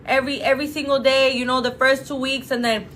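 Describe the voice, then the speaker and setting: Bright high-voiced chatty woman. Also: little pitch movement, fast, slight background noise. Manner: chatty, emphatic, many fillers, addresses viewers as you guys. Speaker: clinic representative. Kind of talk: casual promotional talk to camera.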